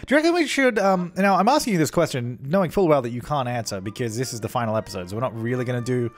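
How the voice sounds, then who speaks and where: A man's voice: mid-range voice, fast talker. A young man giving casual let's-play commentary, chatty and self-correcting as he plays. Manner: chatty, self-correcting, often voicing his characters. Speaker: gaming YouTuber.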